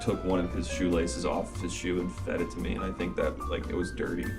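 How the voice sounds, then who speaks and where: A man doing improv comedy with a deadpan, meek delivery. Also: low voice, brisk, creaky, over music.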